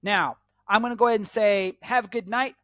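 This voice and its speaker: Sitting high and a bit bright, this American host's voice moves briskly, with no echo. On his channel he gives a solo lecture to the viewer, emphatic and full of repetition.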